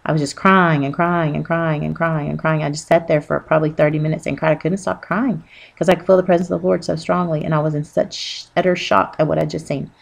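A woman telling an earnest, rambling personal religious testimony with many pauses and fillers. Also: low-pitched, steady tone, vocal fry. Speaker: Christian testimony speaker.

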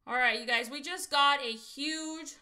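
On a laid-back lottery scratch-off livestream, a Texas woman talks to her viewers in an unhurried, high voice. She keeps dropping "you guys" as she chats excitedly.

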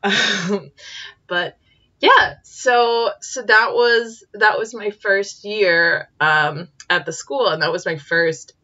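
A woman who teaches in Japan tells a story in casual chat, animated and full of fillers, acting out quotes with high squeals. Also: takes it slowly, dull audio.

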